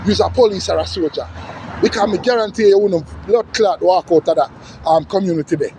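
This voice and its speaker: A man's voice: high voice, background noise. Fired-up Jamaican man ranting. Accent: Jamaican Patois. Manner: heated, cursing, repetitive, preaching to listeners. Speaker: social media commentator. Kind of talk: angry rant.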